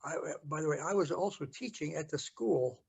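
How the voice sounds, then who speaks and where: An older American man telling a story from his past in an interview, halting with many fillers and restarts. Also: fairly high pitch, vocal fry, a little mellow, husky, highs cut off. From United States. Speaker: interview guest. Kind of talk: storytelling recollection.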